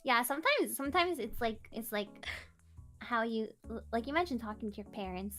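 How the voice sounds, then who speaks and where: Fast, higher-voiced young woman guest. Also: expressive, fairly bright tone, soft background music. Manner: quick, giggly interjections. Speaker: guest artist. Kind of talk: casual chat.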